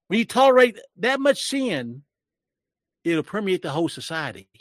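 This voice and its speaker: Recorded at studio quality with no echo, this older man in his sixties speaks in a high voice. His commentary is emotional and sermon-like, preachy in tone, and his voice climbs whenever he gets worked up.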